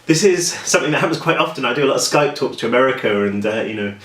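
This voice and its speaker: A chatty man with a British accent talks to camera in a relaxed, self-deprecating way. He rambles a little as he tells a story. The room around him is echoey. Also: medium pitch, fast talker. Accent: British English. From England. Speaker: author vlogging. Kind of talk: casual vlog chat and storytelling.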